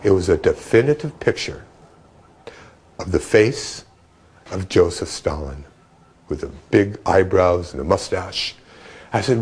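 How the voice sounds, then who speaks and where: A man interviewed for a documentary, telling a personal story in a vivid, animated way. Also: low voice, measured pace, long pauses, breathy edge. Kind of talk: storytelling reminiscence.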